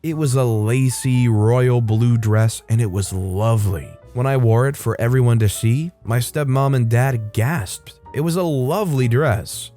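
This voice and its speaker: A man reading a first-person story aloud in a steady, even scripted narration. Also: mid-range voice, measured pace, hardly any pauses. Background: faint background music.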